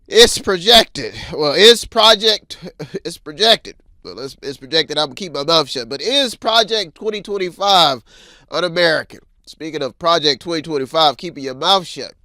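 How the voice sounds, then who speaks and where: A man hosting a weekly headlines show, telling stories in a lively, animated way and acting out the voices of others. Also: on the high side, no echo. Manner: animated storytelling, acts out voices. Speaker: news show host. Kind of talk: casual news commentary.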